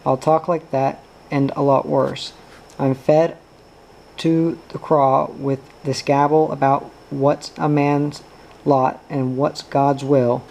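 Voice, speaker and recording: A man's voice: a little high, little pitch movement, slow pace, creaky, a little mellow, rough recording. A man voicing a restless young farmhand who speaks bluntly and with determination. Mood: defiant.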